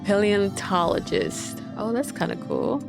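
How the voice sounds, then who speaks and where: A woman's voice: medium pitch, wildly swooping pitch, a little slow, gravelly, over music. A woman casually commenting while playing a video game, reading game text aloud and swearing freely. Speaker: gaming youtuber. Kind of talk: casual let's-play commentary.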